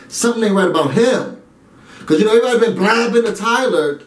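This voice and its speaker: A man hosting a casual TV recap vlog, talking straight to his viewers in an animated, chatty way full of asides. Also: fairly high pitch, reverberant, distant mic. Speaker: reality TV recap YouTuber.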